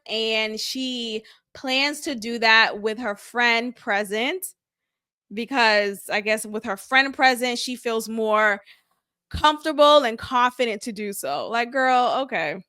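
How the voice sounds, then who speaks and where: A woman's voice: a little high, a little slow, bright, forceful tone, dry recording, studio quality. A woman hosting a casual reality show recap, candid, opinionated and chatty. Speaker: show review host.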